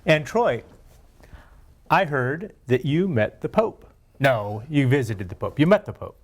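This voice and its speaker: A man with an ordinary mid-range voice hosts a casual interview. He speaks in a friendly way and backs up his guest with quick replies. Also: medium pitch, sing-song. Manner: friendly, eager backchannels. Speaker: interview host.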